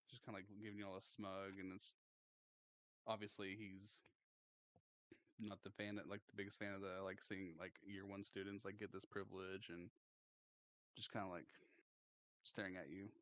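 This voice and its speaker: A man narrating as game master in casual, halting speech with lots of fillers. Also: low voice, little pitch movement, a bit bright.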